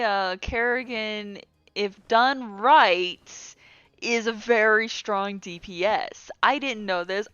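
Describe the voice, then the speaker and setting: A young woman co-hosting a casual gaming chat, animated and swearing freely. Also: fairly high pitch, no echo. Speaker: co-host. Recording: dull lo-fi mic.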